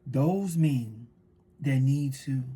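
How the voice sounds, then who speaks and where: A woman tarot reader in a casual spiritual monologue, fervent and preachy, swinging between loud declarations and hushed asides. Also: rumbling low, lively intonation, very slow, slightly rough.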